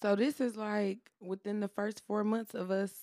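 A woman's voice: mid-range voice, flat delivery, normal speed, mellow, dry recording, clean studio sound. A young adult woman, a podcast guest, telling a personal story in blunt, profane, casual chat.

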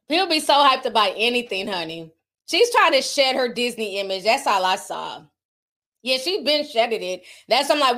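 A woman with a Southern US accent talks casually to her livestream audience. Her voice sits a little high, and she speaks in a frank, chatty way while reacting to chat comments. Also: sing-song, moderate pace, bright, forceful tone. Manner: chatty, candid, laughs often, reacts to viewer comments. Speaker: livestream host reading chat. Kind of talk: casual celebrity gossip chat.

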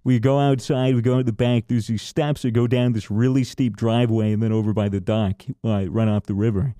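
A young man and podcast co-host who tells animated stories and laughs often. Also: medium pitch, a little fast, dry recording, studio quality. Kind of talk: casual chat.

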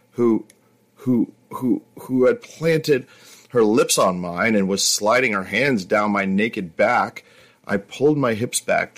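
A man narrating a first-person story in a slow, intimate way, with occasional stumbles. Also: lowish voice, a bit bright.

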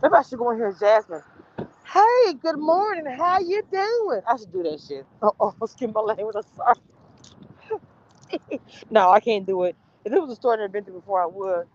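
Her pitch is medium and she talks fast, a woman from the Southern United States laughing and sassing her way through a casual livestream chat from her car. The audio is dull and lo-fi, with a little hiss or hum.

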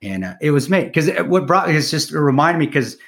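A man's voice: on the high side, very animated, brisk, vocal fry, a bit bright. Blunt, profane middle-aged man telling a war story. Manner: profane, blunt, full of restarts. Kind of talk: casual storytelling.

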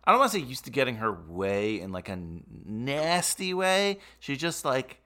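A man's voice: on the low side, fairly quick. A man co-hosting a casual film podcast, laughing often and acting out scenes as he talks. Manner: laughs often, animated retellings. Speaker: podcast co-host. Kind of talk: casual movie discussion.

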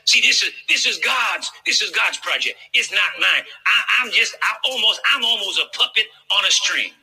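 A man's voice: sits high, lively intonation, normal speed, vocal fry, sharp tone, poor audio. A male pastor preaching a sermon, emphatic and folksy, repeating phrases for emphasis.

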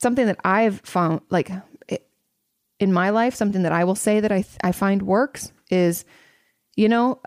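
A woman's voice: on the low side, fairly quick, a little mellow, dry recording, clean studio sound. A woman hosting an advice show as a therapist, answering audience questions in a casual, blunt and candid way, swearing freely.

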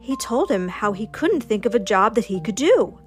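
A woman reading a children's storybook aloud in a slow, gentle, expressive way. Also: on the high side, soft background music. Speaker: storybook narrator.

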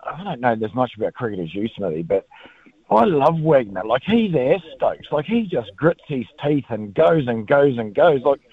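A New Zealand man calls a sports radio show over a tinny phone line. His pitch jumps around a lot as he rambles on in an excitable, slangy way. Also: normal speed, husky. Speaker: caller. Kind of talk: phone-in chat.

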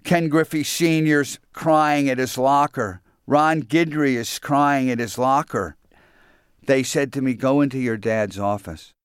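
A man's voice: medium pitch, a little slow, smooth, no echo, studio quality. An older man being interviewed, telling his story candidly and with regret. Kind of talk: reflective interview recollection.

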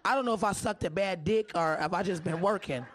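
A woman comedian doing a live stand-up set with a hoarse voice. She is brash and profane and teases the audience. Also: fairly low pitch, fast.

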